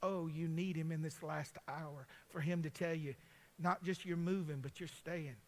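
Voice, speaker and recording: A man's voice: a little high, steady tone, moderate pace. A man, a pastor preaching a folksy, conversational sermon full of personal stories, talking straight to his congregation. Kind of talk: storytelling sermon.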